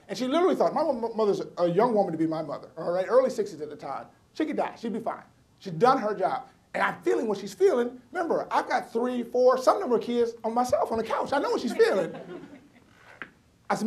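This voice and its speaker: A man's voice: high voice, lively intonation, quick pace. Middle-aged man telling wry stand-up stories. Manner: wry, punchy asides with comic timing. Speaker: comedian. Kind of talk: stand-up storytelling.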